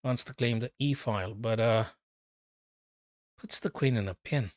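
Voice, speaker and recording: A man's voice: mid-range voice, a little slow, dry recording, clean studio sound. A man, a chess coach, giving casual live commentary on a game, chatty and thinking aloud as he talks to his viewers.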